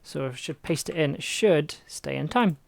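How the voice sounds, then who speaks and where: Live-stream music producer, casual thinking aloud, lively pitch with a rough fry. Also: normal speed, a little hiss or hum. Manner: thinking aloud, self-deprecating, trial and error. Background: faint music playback.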